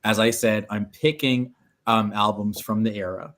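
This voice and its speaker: A man's voice: on the low side, fairly even intonation, moderate pace, a bit bright. A man appearing as a podcast guest, speaking hesitantly with many fillers and joking asides. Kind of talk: casual podcast chat.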